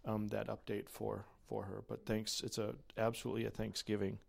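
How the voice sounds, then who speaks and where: A man shares a prayer update in soft, earnest tones. His voice is low and gravelly and stays flat, heard from a distance in the room. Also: a little fast.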